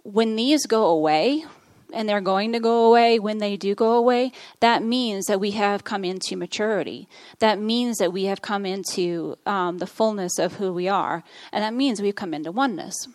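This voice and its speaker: A woman preaches in an earnest, teaching way, pausing on fillers as she works through scripture. Her voice sits at a middling pitch. The sound is dry and close, with no room around it. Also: darkish tone, no echo. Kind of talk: sermon.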